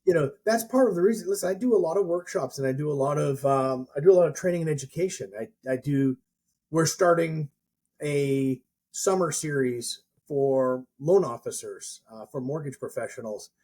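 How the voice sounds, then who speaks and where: Brief: mortgage pro on a podcast, high but mellow voice, rambling anecdotes with restarts. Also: male voice, normal speed, husky. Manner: rambling storyteller with many restarts. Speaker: mortgage professional and educator. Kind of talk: casual podcast chat.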